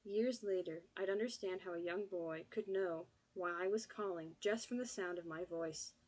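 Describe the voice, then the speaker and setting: A woman's voice: on the low side, normal speed, darkish tone, poor audio. Woman narrating an audiobook.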